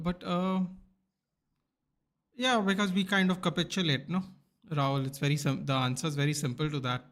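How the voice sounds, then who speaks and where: A man hosting a live football watchalong, chatting casually with viewers and reading out their comments. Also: on the high side. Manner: chatty, rambling, reads out viewer comments and answers them; bursts into loud excited shouts at near misses. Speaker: livestream host.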